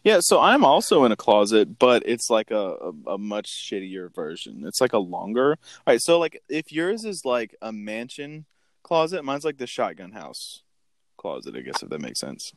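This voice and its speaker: A man's voice: on the low side, very animated, moderate pace, no echo, studio quality. A man co-hosting a podcast from a closet, teasing in casual banter. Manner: teasing, jokey. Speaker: podcast co-host.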